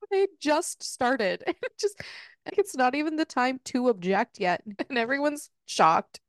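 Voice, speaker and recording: A woman co-host with a fairly high voice chats about the book with amusement. The sound is dry and close, with little room around it, and she slips into laughter easily. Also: animated, unhurried, no echo. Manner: amused, chatty, laughs often. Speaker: podcast co-host. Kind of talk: casual book club chat.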